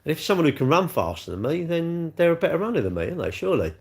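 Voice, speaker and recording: A man's voice: on the high side, sing-song, very fast, gravelly. A middle-aged man hosting a casual livestream, chatting and answering viewer comments with swearing and rhetorical questions. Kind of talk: casual chat.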